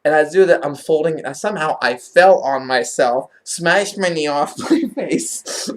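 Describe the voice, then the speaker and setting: A woman vlogger telling a story in a casual, animated way and laughing as she talks. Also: sits low, normal speed.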